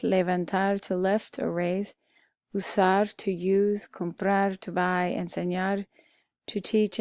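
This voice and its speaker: A woman teaching a Spanish grammar lesson, slowly and patiently reading out vocabulary with translations and a few fillers. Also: medium pitch, darkish tone, no room sound, clean studio sound. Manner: slow, patient, talks through vocabulary lists with fillers. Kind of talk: recorded classroom lesson.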